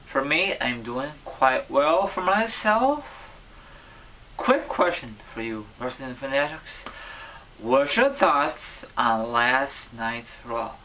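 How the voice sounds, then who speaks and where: A man giving casual wrestling vlog commentary, rambling and correcting himself, with sudden loud bursts. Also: medium pitch, animated, slow, far from the mic, a little hiss or hum, rough recording. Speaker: wrestling vlogger.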